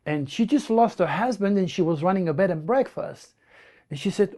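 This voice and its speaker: Speaking at a normal pace in a high-pitched voice, this native French speaker from southern France has a French accent. In an interview he animatedly tells personal stories, acting out what people said.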